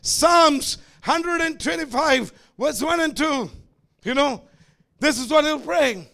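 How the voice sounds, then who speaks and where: High gravelly shouting preacher. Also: male voice, a little slow. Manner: shouting call-and-response preaching, swinging between loud and quiet asides. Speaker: pastor. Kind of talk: sermon.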